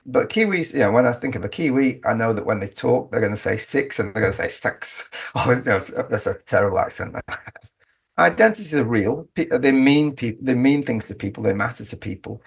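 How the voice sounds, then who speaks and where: Speaking fairly quickly in an animated, husky mid-range voice with vocal fry, a male interview guest presses his argument emphatically. In this conversational interview he keeps restarting his sentences.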